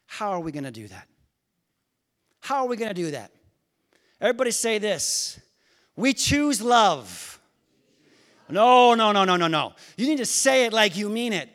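High-voiced man preaching, hushed to shouting. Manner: preaching with call-and-response, swinging from hushed to shouting. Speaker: pastor. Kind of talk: sermon. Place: church hall.

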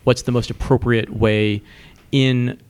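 Halting man in casual chat. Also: mid-range voice, little pitch movement, darkish tone, smooth. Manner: halting, repeats words, laughs easily. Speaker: podcast co-host.

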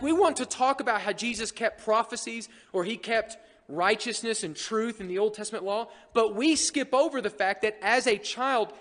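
A man preaching a sermon as pastor, animated and joking with the congregation. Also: extremely high pitch. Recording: long hall reverb.

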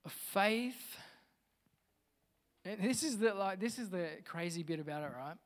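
A man's voice: high voice, animated, unhurried, long reverb tail. A man, a pastor, preaching a sermon in a conversational way with casual asides.

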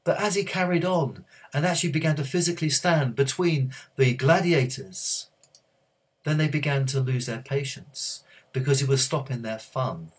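A man preaching, telling a story with many halting restarts and growing hushed and earnest. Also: medium pitch, breathy edge. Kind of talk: sermon storytelling.

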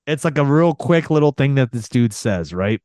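Man recapping a movie, animated impressions. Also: medium pitch, normal speed, dry recording, clean studio sound. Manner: animated retelling with voiced impressions. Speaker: podcast co-host. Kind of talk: casual movie recap chat.

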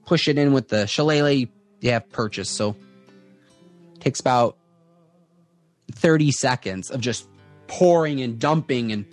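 Hesitant male game master narrating. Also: medium pitch. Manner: descriptive, hesitant, with many fillers.

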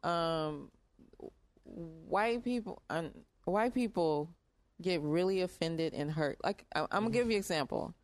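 A woman's voice: lowish voice, unhurried, no room sound. A woman co-hosting a podcast in casual chat, frank and teasing, making her points with examples. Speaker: podcast co-host.

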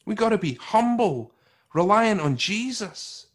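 Animated preaching man, slightly high voice. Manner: animated preaching, swings from loud emphatic to hushed and slow; conversational, with repeated words and restarts. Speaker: pastor. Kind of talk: sermon.

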